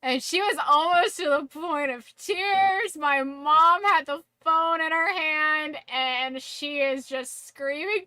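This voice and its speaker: High, bright giggly woman streamer. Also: slow pace, few pauses, no room sound, soft background music. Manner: giggly, swears freely, full of "like". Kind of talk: casual storytelling to a live stream.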